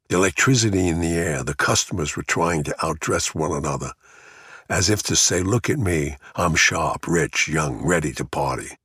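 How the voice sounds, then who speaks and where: A man's voice: extremely low pitch, a bit bright, slightly rough, no echo, studio quality. A man narrating a first-person crime memoir in a blunt, gritty way, swearing freely. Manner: gritty, blunt storytelling with profanity.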